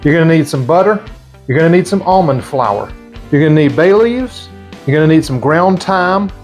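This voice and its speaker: A man's voice: a little high, lively intonation, normal speed, soft background music. A middle-aged man with a Southern American accent, demonstrating a recipe as the host of a cooking channel in a folksy, chatty way.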